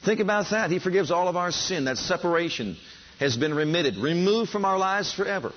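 A man's voice: high voice, animated, brisk. A man preaching a sermon, fervent and building enthusiasm, calling on his listeners to respond. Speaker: pastor. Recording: dull lo-fi sound.

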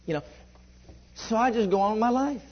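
Husky-voiced preacher, lo-fi. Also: male voice, high voice, brisk. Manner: animated, conversational, laughs often. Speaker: preacher giving a testimony. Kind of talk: sermon storytelling. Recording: dull lo-fi recording.

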